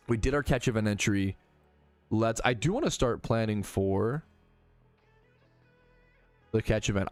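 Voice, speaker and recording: A man's voice: mid-range voice, dry recording. A young man streaming a game, chatting casually, swearing freely and reading out chat messages. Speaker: gaming streamer. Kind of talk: casual livestream commentary.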